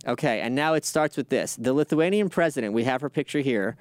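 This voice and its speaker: A man's voice: medium pitch, lively intonation, a little fast, no echo. Sardonic man riffing on news, dry sound. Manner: sardonic, profane, reads headlines then riffs. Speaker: political commentary host. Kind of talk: casual news commentary.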